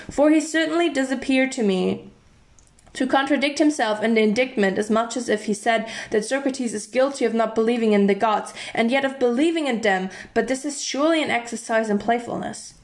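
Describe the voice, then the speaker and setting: A woman reading a classic philosophical dialogue aloud in a plain, measured way, with the odd slip and restart. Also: on the high side. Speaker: reader.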